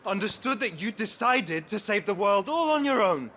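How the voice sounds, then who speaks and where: Brief: earnest young brother in a game, high bright voice, accusing. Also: male voice, sing-song, moderate pace, exaggerated voice. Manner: accusing, pointed. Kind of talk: video game cutscene dialogue.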